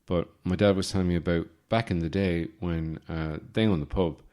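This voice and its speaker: An Irish man in his forties, hosting a podcast with a rambling, deadpan comic monologue full of fillers and restarts. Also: low voice, moderate pace. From Ireland. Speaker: podcast host.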